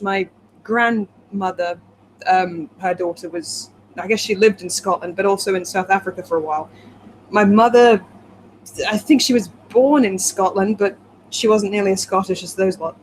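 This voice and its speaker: A woman's voice: mid-range voice, a little hiss or hum, low-quality recording. A woman co-hosting, reading a timeline aloud with giggly, chatty asides in casual banter. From England. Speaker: co-host.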